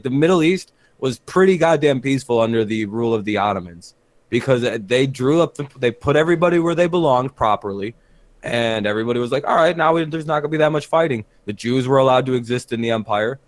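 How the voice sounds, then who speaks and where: A man in casual banter on a podcast, opinionated and rambling, with halting restarts. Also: medium pitch, dry recording.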